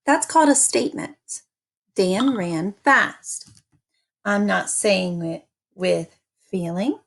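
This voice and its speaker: A woman teaching an early-grade reading lesson, speaking slowly and deliberately and repeating little chants for children. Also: medium pitch.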